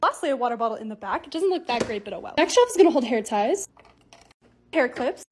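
A woman's voice: a little high, sing-song, quick pace, darkish tone, slight background noise. A woman in her twenties narrating a casual lifestyle vlog, bubbly and gushing over cute things. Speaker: lifestyle content creator.

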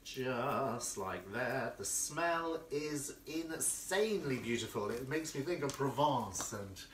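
A man's voice: medium pitch, lively intonation, slow pace, fairly bright tone, roomy sound, distant mic, slight background noise. A man hosting a live cooking stream from his home kitchen, chatty and effusive, reading out viewer comments as he works. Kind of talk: casual live cooking demo. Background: clinking cutlery and dishes.

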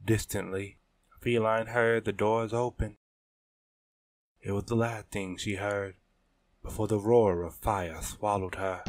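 A man narrating a story in a measured, deliberate reading style. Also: fairly low pitch, dry recording. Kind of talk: scripted audiobook narration.

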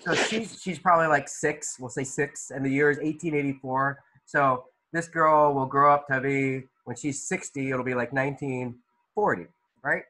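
A man's voice: medium pitch, normal speed, sharp tone, slight background noise, rough recording. A male art teacher leading an online class discussion, asking students questions by name, with loose, restart-filled phrasing. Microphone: video call.

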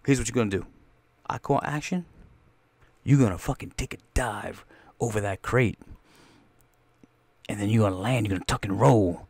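A man's voice: fairly low pitch, moderate pace, vocal fry, long pauses, no room sound. A man voicing a hot-tempered, foul-mouthed film director who bosses an actor around. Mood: coaxing. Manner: coaxing, then yelling insults.

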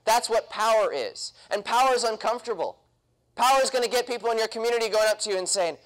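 A man's voice: high voice, quick pace, fairly bright tone, poor audio. A young man speaking at a political convention, punchy and quizzing the audience with questions. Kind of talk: political talk to a live audience. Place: convention hall.

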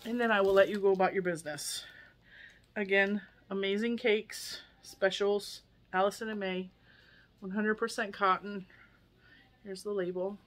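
A woman's voice: medium pitch, fairly even intonation, normal speed. A woman in her forties from the US, chatting casually and emotionally while unboxing yarn gifts for her viewers. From United States. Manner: chatty, emotional, laughs often. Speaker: crochet YouTuber.

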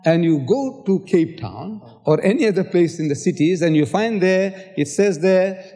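A man's voice: sits high, lively intonation, normal speed, dark tone, faint music behind. An older man from South Africa in a public debate, lecturing and quoting scripture at length, with sarcastic asides. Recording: old hall recording with long reverb.

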